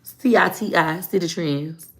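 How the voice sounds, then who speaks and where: A woman's voice: lowish voice, a little slow, slight background noise. A woman in her thirties from Florida, hosting a livestream, chatting frankly and laughing as she tells stories about her life. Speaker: livestream host. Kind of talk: casual storytelling chat.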